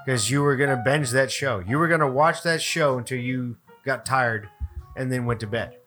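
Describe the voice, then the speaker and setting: A man's voice: mid-range voice, moderate pace, fairly bright tone, soft background music. A man hosting a podcast in casual chat, joking, crude and often laughing. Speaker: podcast host.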